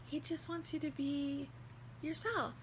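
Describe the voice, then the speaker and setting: A woman's voice: high-pitched, level tone, a little slow, slight background noise, rough recording. A woman vlogger talking in an earnest, heartfelt, rambling way about faith. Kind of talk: casual devotional vlog talk.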